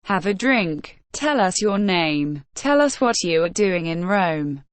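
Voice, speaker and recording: A woman's voice: on the low side, very animated, takes it slowly, no room sound. A woman voicing a drunk, grey-bearded man of about sixty who talks in a rude, bossy way, in a storybook reading.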